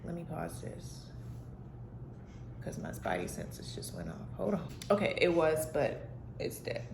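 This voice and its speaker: A woman who vlogs about healing and mental health speaks to her self-recorded camera, alone at home in a room with plants and a dog. Her low, sing-song, creaky voice moves a little slowly, rambling casually and heartfelt with many fillers, over a roomy sound with background noise.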